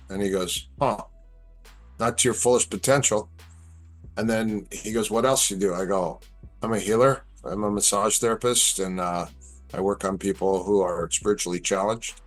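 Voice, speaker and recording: Brief: middle-aged male guest, low voice, animated storyteller. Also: moderate pace, faint music behind. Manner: animated storyteller, acts out quoted lines. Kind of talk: casual storytelling chat.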